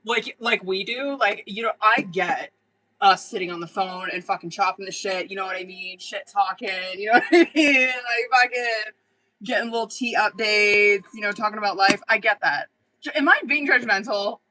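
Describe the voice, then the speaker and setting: Casting: young woman tarot reader on a live stream, bright tone, blunt, swears a lot, chatty. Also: medium pitch, moderate pace, low-quality recording. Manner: blunt, profane, chatty, laughs often.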